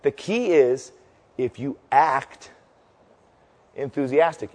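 A pastor with a fairly high voice preaches slowly in a large hall before a live audience, and the recording carries long hall reverb. He's an animated, jokey storyteller who leads the crowd through a cheer.

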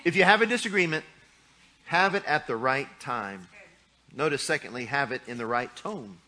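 A man's voice: mid-range voice, lively intonation, moderate pace, bright, forceful tone. A middle-aged man preaching a sermon in a folksy, joking way, acting out little scenes from married life. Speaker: pastor.

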